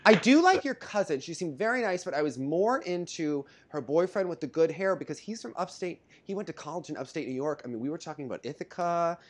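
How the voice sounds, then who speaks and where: A man's voice: on the high side, brisk, few pauses. A man with a New Jersey accent, co-hosting a podcast and telling gossipy stories in a casual chat. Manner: animated, gossipy storytelling. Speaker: podcast co-host.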